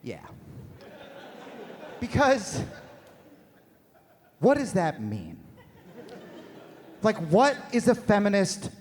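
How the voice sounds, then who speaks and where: A man performing a stand-up comedy set on stage, with profane, shouting rants and rapid asides. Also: high voice, huge pitch swings. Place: live venue on stage.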